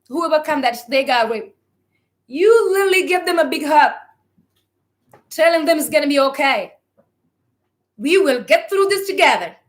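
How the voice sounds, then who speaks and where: A woman's voice: sits high, fairly bright tone. A woman giving a spiritual talk to online followers. She speaks emphatically, piles up rhetorical questions and calls on listeners to answer.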